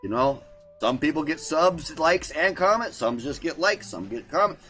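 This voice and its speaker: A man's voice: a little high, lively intonation, normal speed, fairly bright tone, soft background music. Rambling man hosting a livestream. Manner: rambling, repeats himself, trails off. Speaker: livestream host. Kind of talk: casual livestream chat.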